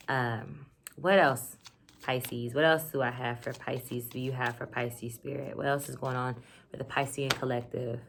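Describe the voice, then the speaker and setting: Low-pitched woman doing a tarot reading, chatty and hyped, lots of y'all and like. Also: fairly even intonation, moderate pace, creaky, a little hiss or hum. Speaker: tarot reader. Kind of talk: casual tarot reading to camera.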